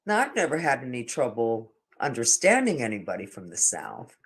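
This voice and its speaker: A man's voice: mid-range voice, huge pitch swings, normal speed, a bit bright. Older man rambling through a casual story. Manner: meandering, with frequent restarts and stammered repeats. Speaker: vlogger.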